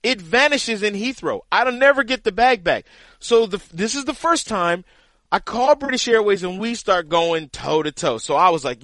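A man co-hosting a podcast, telling a story in casual chat with an animated, exasperated manner. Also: sits high, normal speed, dry recording. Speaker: podcast co-host, the caddie.

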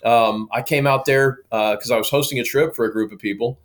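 A man from Oklahoma, a guest telling a story in a lively, casual way. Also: medium pitch, fairly quick. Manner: lively, acts out quoted dialogue.

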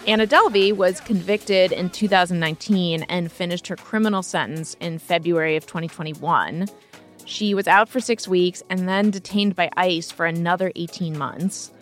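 A woman's voice: on the low side, normal speed, soft background music. Playful woman co-host narrating a podcast.

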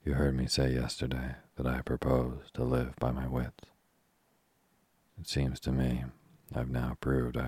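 A man softly voicing a clever, cheeky young woman. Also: extremely low pitch, breathy edge, dry recording, heavily acted.

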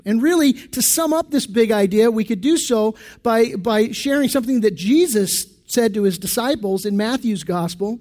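A man's voice: high-pitched, normal speed, few pauses, darkish tone. A male pastor giving a sermon in a church, talking in a conversational style, full of asides and restarts.

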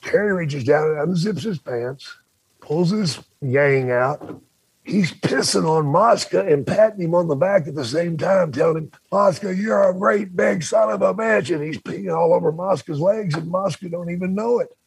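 Older male storyteller, husky and a bit high, dry close mic. Animated, salty, slips into voices. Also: moderate pace, no room sound. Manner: animated, acts out voices, swears freely. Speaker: podcast guest storyteller. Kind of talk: casual storytelling.

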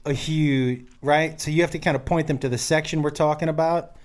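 A man hosting a casual comedy chat, telling crude stories with lively delivery. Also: on the high side, a little fast. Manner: animated storyteller, crude jokes.

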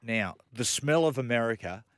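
A middle-aged man hosting a radio show, telling animated stories in casual chat. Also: medium pitch, normal speed, clean tone, dry recording. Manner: animated storyteller, laughs through his anecdotes. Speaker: radio host.

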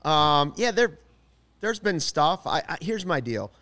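A man's voice: on the high side, big pitch swings, unhurried, bright, forceful tone. A man co-hosting a sports podcast, talking casually and emphatically, giving strong opinions on a studio mic. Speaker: podcast co-host.

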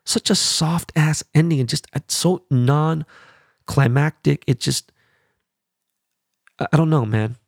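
Gravelly, profane podcast host. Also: male voice, fairly high pitch, slow pace, pauses often, no echo, clean studio sound. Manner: profane, animated, rambling asides. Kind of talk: casual solo podcast chat.

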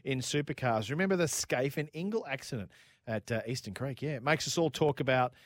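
A man with an Australian accent co-hosting a motorsport radio show, reading listener texts in jokey, excitable banter full of matey slang. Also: mid-range voice, a little fast, dry recording, studio quality.

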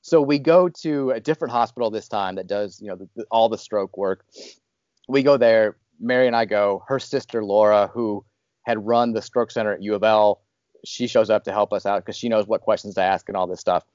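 A man in his thirties telling a story in a casual, animated way, with many restarts and fillers. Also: lowish voice, brisk, no room sound, muffled recording.

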